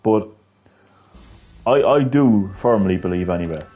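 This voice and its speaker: A man's voice: lowish voice, animated, a little slow, warm tone, slightly rough, highs cut off, soft background music. An Irish man giving a casual, rambling opinion monologue full of fillers and swearing. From Ireland. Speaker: video creator.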